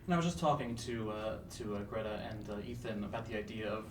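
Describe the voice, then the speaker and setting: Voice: medium pitch, quick pace, echoey room, recorded from a distance, background noise. An entertainment interviewer asking rambling questions full of fillers in a casual press interview.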